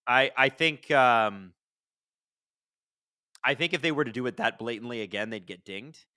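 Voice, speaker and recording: A man hosting a live hockey watch-along, chatting casually and answering viewer questions, bursting into excited shouts at big plays. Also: mid-range voice, moderate pace, no room sound, clean studio sound. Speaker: hockey livestream host.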